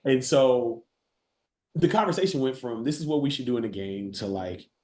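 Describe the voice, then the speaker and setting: A man on a podcast telling a long story in a relaxed, animated way, acting out quotes and laughing often. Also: mid-range voice, moderate pace, reverberant. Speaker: guest, college football player developer.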